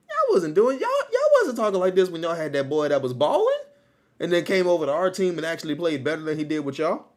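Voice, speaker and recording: A man hosting a casual livestream, talking loosely and repeating his phrases, still low on energy after an illness. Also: sing-song, a little fast. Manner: loose, rambling, repeats phrases, laughs easily. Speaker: livestream host.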